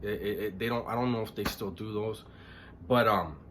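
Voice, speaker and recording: Low-voiced man telling a hard story. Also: a bit bright, slight background noise. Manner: low-key, halting, frequent restarts and throat clearing; blunt, swears freely. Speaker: storyteller recounting his past. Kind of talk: casual spoken storytelling.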